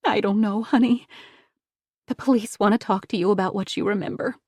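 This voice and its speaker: A woman voicing a gentle, worried grandmother who soothes and reassures her injured granddaughter. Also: medium pitch, a little fast, slightly rough, no echo, studio quality. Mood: soothing.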